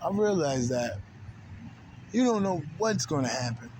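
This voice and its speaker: High-voiced man rambling in street slang. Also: big pitch swings, measured pace, background noise. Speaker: spiritual channel host. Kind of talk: unscripted spiritual monologue.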